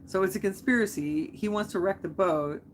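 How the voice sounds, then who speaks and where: A woman's voice: mid-range voice, fairly quick, a little hiss or hum. A young woman hosting a live stream, chatting casually, rambling off on tangents and answering viewer comments.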